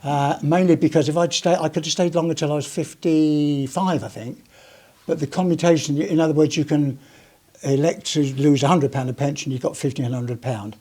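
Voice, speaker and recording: A man's voice: fairly high pitch, fairly even intonation, normal speed, warm tone. An older man, a retired police officer, giving a rambling, chatty anecdotal talk to a live audience. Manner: rambling, chatty storyteller with many restarts. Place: heritage gallery talk.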